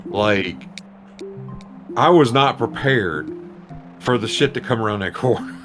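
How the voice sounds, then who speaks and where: A man casually telling an animated, profane story to friends on a live show. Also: on the low side, unhurried, music in the background.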